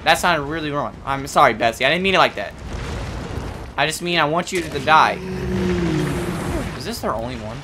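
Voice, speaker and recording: A man's voice: fairly high pitch, animated, normal speed, pauses often, very noisy. A man giving casual, playful gameplay commentary, swearing and joking as he talks to the creatures on screen. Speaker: let's play gamer. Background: game music.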